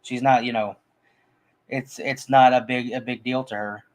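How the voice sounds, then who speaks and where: A man's voice: medium pitch, steady tone, moderate pace. A man in casual conversation about a film, talking in a rambling way with frequent restarts and fillers. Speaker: movie podcast co-host.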